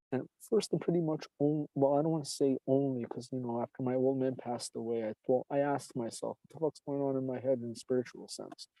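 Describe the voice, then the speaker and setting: A man's voice: medium pitch, mellow, no echo, poor audio. A man hosting a podcast, telling a long rambling personal story in a casual, profane way and calling the listener brother. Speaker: podcast host.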